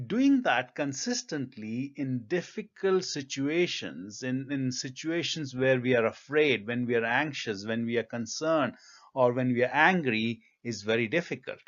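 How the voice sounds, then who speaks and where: Measured man musing with many pauses. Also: medium pitch, muffled recording. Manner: measured, thoughtful, many ums and uhs. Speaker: pharma consultant giving career advice. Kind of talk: reflective monologue.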